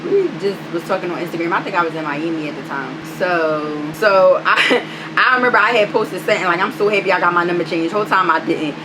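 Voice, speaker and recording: Woman storyteller, lower voice, lively and profane, with steady noise behind her. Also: brisk. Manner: animated, profane retelling with many fillers. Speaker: storytime vlogger. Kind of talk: casual storytime.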